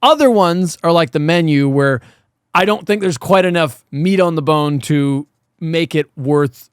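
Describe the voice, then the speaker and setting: A man co-hosting a movie podcast in loose, profane chat. His voice sits a little high and sounds smooth and clean. The recording is dry and close, with no room sound. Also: measured pace, no room sound. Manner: swears freely, animated. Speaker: podcast co-host. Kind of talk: casual chat.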